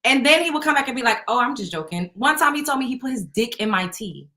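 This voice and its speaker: Blunt, bright-voiced woman host. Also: high-pitched, animated, fast. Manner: blunt, profane storytelling; laughs often while talking. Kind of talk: casual chat.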